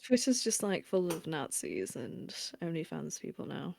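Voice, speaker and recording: A woman's voice: low voice, big pitch swings, normal speed, gravelly, a little mellow. A woman co-hosting a game stream, chatting casually in a wry, blunt, sweary way. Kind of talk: casual late-night chat.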